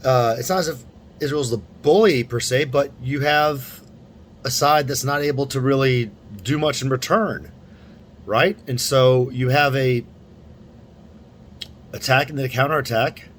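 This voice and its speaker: A young man thinks out loud to his camera, restarting sentences and wandering into asides. His voice sits at an ordinary middle pitch. A faint hiss runs under the recording. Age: young adult. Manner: rambling, halting, with many restarts and asides. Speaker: vlogger. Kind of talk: casual opinion monologue.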